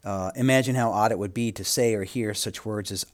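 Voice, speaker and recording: Low-voiced man reading a textbook aloud. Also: brisk, few pauses. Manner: reads aloud with asides and small self-corrections. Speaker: instructor.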